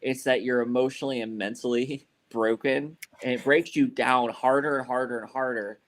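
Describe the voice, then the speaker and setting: A podcast co-host with a mid-range male voice tells a story in casual chat, keeping a steady tone and normal speed. He rambles and swears, constantly dropping fillers like "like" and "you know."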